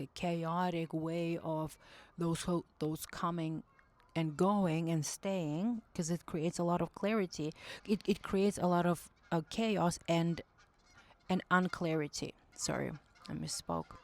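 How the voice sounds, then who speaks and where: A woman's voice: on the low side, steady tone, measured pace, darkish tone. A woman giving intuitive spiritual advice in a casual monologue, speaking earnestly, often searching for words and rephrasing herself. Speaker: intuitive message reader.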